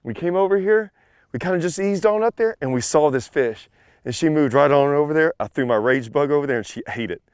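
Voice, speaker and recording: Man, breathless, excitable, outdoors on a lake, dry close sound. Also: a little high, brisk, clear, resonant tone, no room sound. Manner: excitable, shouting with joy. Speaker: fishing show guest anchor. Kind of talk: excited on-camera fishing talk.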